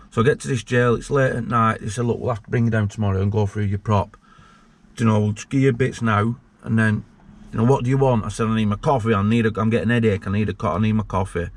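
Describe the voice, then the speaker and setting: A man's voice: on the low side, steady tone, fast talker. A man, a former prisoner telling his story casually as an interview guest, blunt and sweary, acting out the voices in his story. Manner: blunt and sweary, acts out quoted dialogue.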